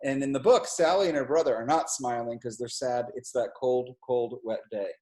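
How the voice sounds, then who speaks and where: Gentle middle-aged man reading to kids. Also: mid-range voice. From New Jersey, US. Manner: slow, gentle, explaining pictures to children. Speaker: college president reading a children's book. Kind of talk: read-aloud storytime. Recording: echoey room.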